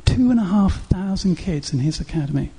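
A pastor delivers a sermon from the pulpit in a notably high yet mellow, soft voice with heavy, slightly rough huskiness. He is animated and brisk, piling up rhetorical questions as he earnestly urges his congregation on.

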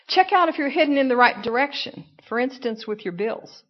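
A woman preaching a sermon, lively, acting out excuses in playful voices. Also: high voice, a little fast, few pauses, highs cut off.

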